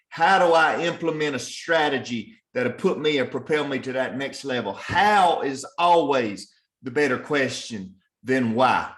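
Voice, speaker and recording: A man's voice: medium pitch, a bit bright, echoey room. A man giving an earnest, repetitive motivational talk as a sales trainer, pressing his point again and again.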